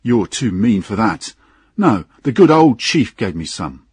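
A man voicing a tipsy young ship engineer who complains loudly with slightly slurred speech in a husky voice. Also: fairly low pitch, very animated, a little slow, dry recording, full character voice. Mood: mocking. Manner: slurred, loud, cheeky.

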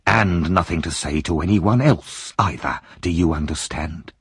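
A fierce, secretive stranger who snaps out short demands and threats, as a man reading a storybook plays him. The voice is very low and husky. It is recorded dry and close with no room sound. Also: measured pace, a bit bright, no echo, heavily acted. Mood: menacing. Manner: menacing, curt, demanding.

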